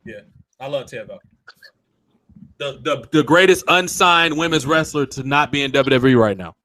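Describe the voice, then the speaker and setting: A man's voice: medium pitch, moderate pace, sharp tone, no room sound. A man hosting a casual wrestling talk show, speaking bluntly and swearing freely. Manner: blunt and profane. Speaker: podcast host.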